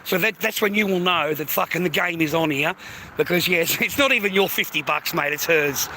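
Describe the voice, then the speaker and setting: A man's voice: a little high, fairly quick, pushed and bright, a little hiss or hum. A middle-aged man giving coarse, swearing, emphatic advice to other men in a blunt monologue.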